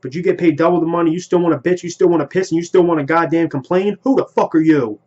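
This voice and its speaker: A fired-up man vents as a football fan, swearing freely and firing off complaints in quick bursts. His voice sits somewhat high. The sound is muffled and lo-fi. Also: steady tone, darkish tone. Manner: heated, profane, rapid-fire ranting. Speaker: sports vlogger. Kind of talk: ranting fan commentary. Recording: lo-fi home recording.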